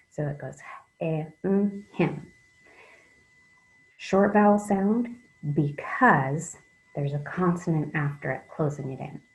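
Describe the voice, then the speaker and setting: Low-voiced teacher, mellow and patient. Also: female voice, muffled recording. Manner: patient, encouraging, many "um" fillers. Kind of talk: reading lesson for children.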